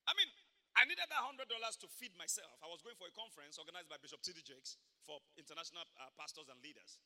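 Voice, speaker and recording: A man pastor preaching a sermon at a church service, telling stories emphatically with sudden loud bursts. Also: a little high, lively intonation, quick pace, long reverb tail.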